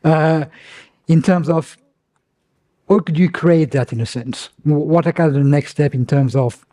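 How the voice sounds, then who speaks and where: A man's voice: medium pitch, mellow. A man moderating a panel while losing his voice, asking long rambling questions full of hedges. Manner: rambling, many hedges like "kind of".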